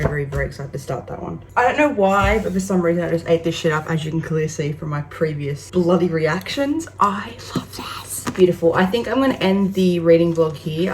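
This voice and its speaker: A young woman vlogging about her reading, excitable and gushing, often swearing and laughing. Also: on the low side, slight background noise. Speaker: book vlogger. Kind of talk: casual reading vlog to camera.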